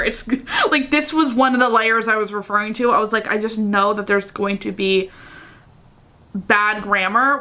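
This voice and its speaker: A woman's voice: mid-range voice, bright, forceful tone. A woman vlogger reading fan fiction aloud in a casual way, breaking off into chatty, giggly asides. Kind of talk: casual reading vlog with commentary.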